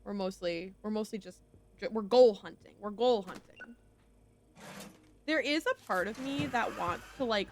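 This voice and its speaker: A woman's voice: medium pitch, a little hiss or hum. A woman streaming a video game, chatting casually in a rambling way and apologizing often, with faint music behind her. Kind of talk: casual gameplay commentary.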